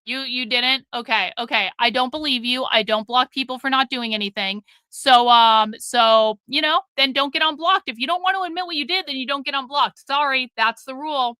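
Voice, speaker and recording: High, bright-voiced woman streamer scolding chat. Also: normal speed, hardly any pauses, clean tone, dry recording. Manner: blunt, profane, scolding chat viewers. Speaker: livestream host. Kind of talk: casual livestream chat.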